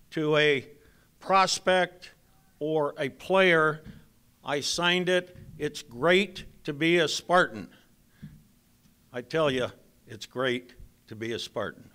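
An older man, a retired basketball coach, giving an induction speech full of dry, deadpan jokes. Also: on the high side, clean tone. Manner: dry, deadpan joke telling. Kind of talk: after-dinner speech with jokes.

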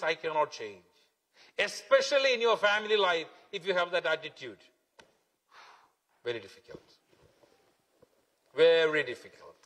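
A man preaches as pastor in a church hall, his high-pitched voice fairly bright in tone. He's emphatic and repetitive, elongating key words, and the recording has long hall reverb.

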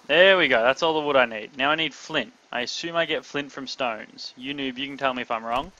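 A young man giving live gameplay commentary, excitable, talking to his chat and yelping when startled. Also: mid-range voice, brisk, muffled recording. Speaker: gamer streaming live.

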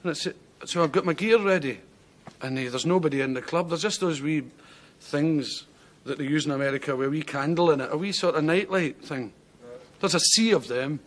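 Talking a little fast in a slightly high voice, a Scottish talk show guest spins rambling funny anecdotes and keeps chuckling. The setting is a 1970s TV studio with a live audience, their laughter and tape hiss audible.

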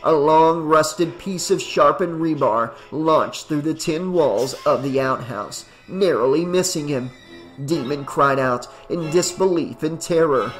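A man giving a steady audiobook narration of a horror story. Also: on the high side, unhurried, soft background music.

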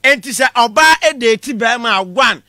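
Ghanaian male comic lecturer, very high and sharp tone, animated, punchy delivery. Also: moderate pace, no room sound, studio quality. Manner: animated, shouting punchlines, mixing Twi with English. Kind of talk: comedy class monologue.

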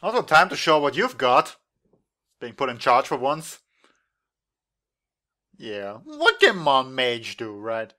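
A man's voice: mid-range voice, very animated, slow pace, long pauses, bright, forceful tone. Laid-back young man reacting to anime. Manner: laughs often, light teasing remarks. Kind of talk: casual reaction commentary.

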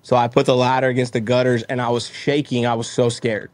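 A man's voice: medium pitch, level tone, brisk, darkish tone. A man from Texas telling his story as an interview guest, earnest and motivational, acting out his own thoughts. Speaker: guest, roofing business owner.

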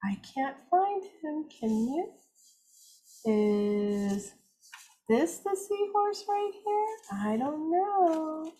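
An older woman reading picture books to little children in an animated, expressive, gentle way. Her voice is high and lively, moving through a wide melodic range. She reads slowly and deliberately. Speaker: circle time teacher.

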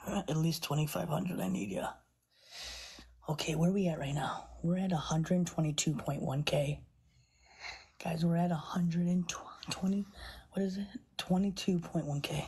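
Breathy, husky woman streaming live. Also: deep voice, moderate pace, mellow. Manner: overwhelmed, gasping exclamations, often whispering. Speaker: livestreamer. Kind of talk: live stream chat with viewers.

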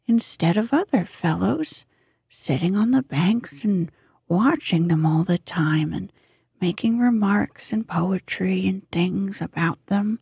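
A woman's voice: medium pitch, animated, takes it slowly, warm tone, no room sound, studio quality, full character voice. A woman whispering the part of a cheerful, good-natured male water rat in a storybook, as whispered role-play, eager and hearty in manner. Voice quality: breathy whisper.

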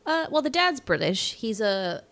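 A woman's voice: fairly high pitch, very animated, measured pace, fairly bright tone. A woman co-hosting a podcast, chatting casually about a movie, laughing often and swearing now and then. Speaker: podcast co-host.

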